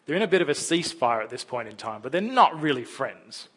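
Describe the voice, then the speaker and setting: A man in his thirties preaching a conversational sermon, telling stories and breaking into loud dramatic bursts. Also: medium pitch, sing-song, fast, husky. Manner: chatty, storytelling, with sudden loud dramatic bursts.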